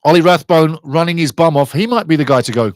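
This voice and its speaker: A man's voice: on the high side, quick pace, no room sound. A man hosting a live football watch-along, giving chatty fan commentary and reading out viewer comments.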